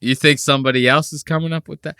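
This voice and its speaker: A man hosting a podcast, chatting in a loose, crude and mocking way. His voice is bright and crisp. The sound is close and dry. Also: fairly high pitch, fairly even intonation, quick pace, dry recording. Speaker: podcast host. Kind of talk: casual podcast chat.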